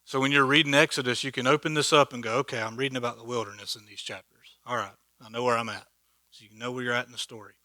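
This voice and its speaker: A man teaching an informal Bible study, animated and chatty, acting out quoted speech with humor and often checking in with his listeners. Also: medium pitch, quick pace, no echo. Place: church meeting room.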